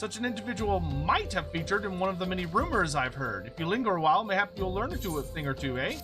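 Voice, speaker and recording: A man voicing a small, struggling male merchant who talks in chatty salesman patter and is quick to grumble, reading game dialogue aloud. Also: sits high, animated, music in the background, low-quality recording. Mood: salesy.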